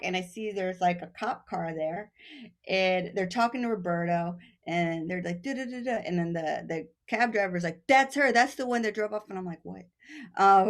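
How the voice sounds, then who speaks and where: A woman from Texas, a podcast guest, telling a long story in casual chat, acting out the voices of the people in it and laughing often. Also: mid-range voice. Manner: animated, acts out quoted voices, laughs often.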